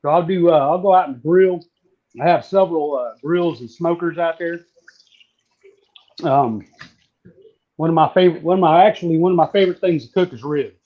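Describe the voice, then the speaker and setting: A man from southeastern Virginia, chatting casually while demonstrating how to fry catfish. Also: a little high, normal speed, long pauses. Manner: folksy, relaxed, drawling. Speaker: cooking guest. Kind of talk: casual cooking demo on a live stream. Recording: dull lo-fi stream audio.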